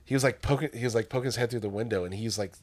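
A man's voice: medium pitch, very fast. A young man co-hosting a podcast, telling school stories in casual chat and laughing often as he talks. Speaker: podcast co-host.

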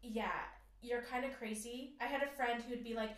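A woman's voice: a little high, moderate pace, reverberant, recorded from a distance. A woman telling a personal story in casual conversation, acting out quotes in a raised voice. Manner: animated, acts out quoted lines in a raised voice. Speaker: guest sharing her story.

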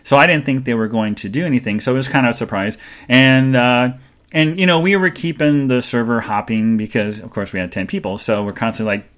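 A man's voice: brisk, a bit bright. A male host chatting live to his audience, rambling from one story to the next. He talks in a loose, casual way, full of fillers and restarts. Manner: greets chat viewers in a sing-song high voice. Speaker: podcast host. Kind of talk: live-stream casual chat.

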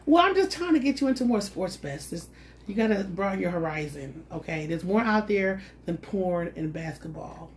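Low-voiced woman bantering playfully, faint hiss. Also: animated, normal speed. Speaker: podcast co-host. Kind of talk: casual chat.

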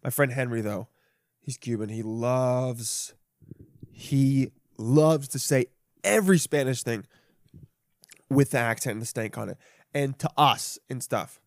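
A man's voice: mid-range voice, measured pace, long pauses, dry recording, clean studio sound. A young man hosting a solo podcast, rambling and swearing freely, with self-mocking asides. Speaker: podcast host. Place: home.

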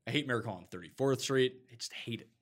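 Man, podcast host, bright sharp tone, emphatic, blunt, casual banter. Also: mid-range voice, fast. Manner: emphatic, blunt, swears for effect.

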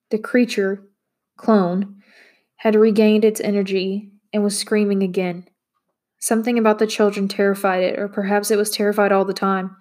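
Audiobook narrator, woman, mid-pitched, steady and expressive.

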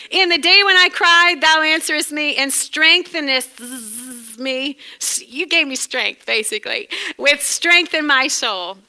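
A middle-aged Bible teacher with a New England accent and a high voice teaches a sermon chattily. She laughs often and breaks into lively exclamations.

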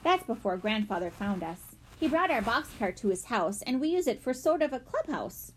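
A woman's voice: fairly high pitch, big pitch swings, normal speed, a little hiss or hum. A woman voicing a sensible, practical older sister. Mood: explaining. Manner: practical, explaining.

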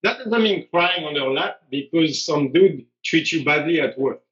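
On a live stream with dull lo-fi audio, a man who works as a strength coach chats casually, blunt and animated, voicing quotes as he tells things. He speaks at a moderate pace in a fairly high, slightly bright voice with lively intonation.

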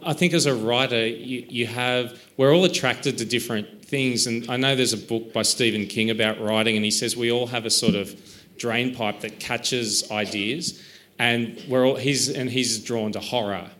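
A man's voice: mid-range voice, steady tone, moderate pace, fairly bright tone. A man talking as an author in an interview, thoughtful and self-deprecating, rambling a little with restarts. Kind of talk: reflective conversational interview.

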